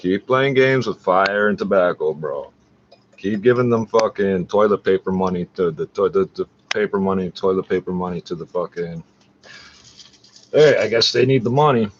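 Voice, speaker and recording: A man's voice: deep voice, moderate pace, muffled recording, a little hiss or hum. A man ranting in a profane, agitated, rambling way while scrolling through a screen share.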